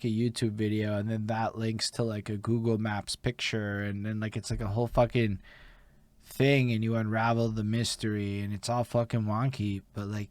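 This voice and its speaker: Young canadian dude hosting, hyped and swearing a lot, dry close sound. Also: male voice, on the low side, no room sound. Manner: excitable, swears a lot, heavy use of "like". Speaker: interview host. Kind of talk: casual chat.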